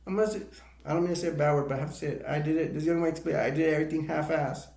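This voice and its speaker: A man's voice: a little high, racing, darkish tone. A man rambling emotionally through tears in a live stream monologue, repeating himself as he talks. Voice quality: gravelly. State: crying. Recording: echoey room.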